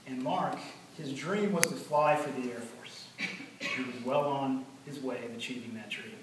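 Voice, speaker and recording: A man giving an earnest memorial speech about his late father, telling stories with many pauses. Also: medium pitch. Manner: earnest, storytelling, pauses often. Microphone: far from the recording mic. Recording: echoey hall from far off, noisy.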